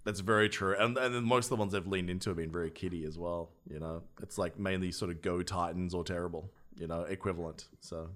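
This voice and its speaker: A man hosting a podcast, chatting in a relaxed, easy way with his guests. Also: low-pitched, fast, few pauses. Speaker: podcast host. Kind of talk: casual chat.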